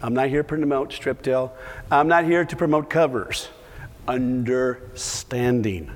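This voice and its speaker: A man's voice: a little high, fairly even intonation, moderate pace. A middle-aged man, a conservation agronomist, giving a passionate, emphatic conference talk and telling a story. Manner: passionate, emphatic, repeats words for stress. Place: conference hall. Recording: long hall reverb from a live talk.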